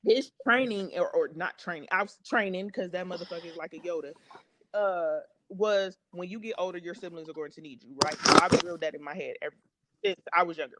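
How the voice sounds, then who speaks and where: A woman's voice: fairly low pitch, fast talker, very noisy. A woman co-hosting a casual podcast chat, blunt and preachy, with plenty of cursing. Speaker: podcast co-host.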